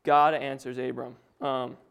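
A man's voice: mid-range voice, flat delivery, a little slow, creaky, a bit bright, clear, resonant tone. A young man giving an informal Bible talk to his family, a little nervous, with casual asides and chuckles. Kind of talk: informal sermon.

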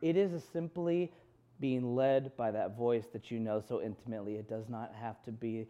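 Mellow, smooth-voiced man preaching. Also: medium pitch, steady tone, moderate pace. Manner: candid storytelling with quoted inner dialogue. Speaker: pastor. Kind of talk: sermon.

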